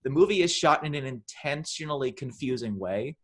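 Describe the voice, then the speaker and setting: A man's voice: mid-range voice, lively intonation, a little fast, fairly bright tone. A man on a podcast retelling a horror film in casual chat, rambling with restarts and acting out bits of dialogue. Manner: rambling, many restarts, acts out lines in funny voices. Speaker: podcast co-host.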